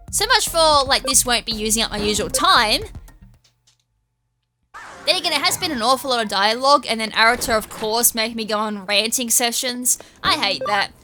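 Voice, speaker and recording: Rambling Australian gaming host, young woman, a touch high, light background music. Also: brisk, pushed and bright. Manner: rambling, self-deprecating asides. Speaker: gaming YouTuber. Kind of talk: casual let's-play commentary.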